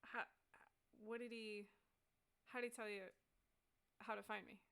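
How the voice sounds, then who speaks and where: A woman voicing a gruff, dismissive male dock worker in a tabletop game, with curt, sneering replies. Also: sits high, flat delivery, unhurried, sharp tone, heavily acted. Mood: bargaining.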